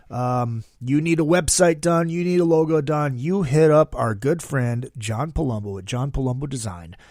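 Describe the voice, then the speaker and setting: A man hosting a casual podcast, talking in a profane, excitable, jokey way. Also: mid-range voice, dry recording, clean studio sound. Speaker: podcast host.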